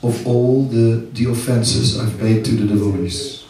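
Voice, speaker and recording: A middle-aged monk giving a seminar talk, self-mocking and anecdotal, laughing often and rambling with fillers. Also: male voice, mid-range voice, fairly even intonation, a little slow, a crowd in the background. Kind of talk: spiritual talk to a live audience. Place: large seminar hall. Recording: echoey hall, distant mic, audience.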